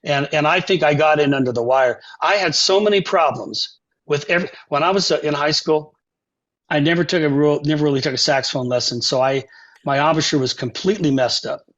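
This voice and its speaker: Older male musician guest, slightly high voice, animated storyteller with a dull lo-fi podcast sound. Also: brisk. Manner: animated storyteller, acts out quotes and sings phrases. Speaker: composer and saxophonist guest. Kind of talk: conversational interview storytelling.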